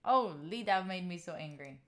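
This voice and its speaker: A woman's voice: on the low side, moderate pace. A young woman in her twenties from Italy, speaking English with an Italian accent, chatting frankly with viewers on a live stream and swearing freely. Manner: animated, frank, swears freely, reads and answers chat. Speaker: livestreamer.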